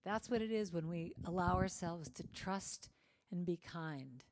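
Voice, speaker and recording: A woman's voice: fairly low pitch, unhurried. A woman giving a storytelling sermon at a church service, acting out the voices of the people in her anecdotes. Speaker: guest speaker at a church service.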